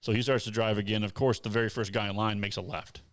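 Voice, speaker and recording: A man hosting a podcast, telling an animated off-road story in casual chat. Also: fast, no room sound, clean studio sound. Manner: animated storyteller, acts out others in a high voice. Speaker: podcast host.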